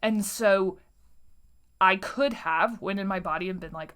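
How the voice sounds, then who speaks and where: A woman talks through her thoughts on her own podcast, casual and conversational. Her voice sits at an ordinary middle pitch. She keeps checking in with "right?" and now and then sinks into a soft, breathy near-whisper. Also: unhurried. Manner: chatty, tags lines with "right?" and "like". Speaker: podcast host. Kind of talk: casual solo podcast talk.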